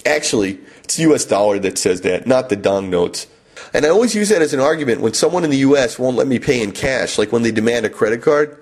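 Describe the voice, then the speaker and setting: A man hosting a podcast, telling a comic first-person travel story in a wry, animated way. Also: medium pitch, fast.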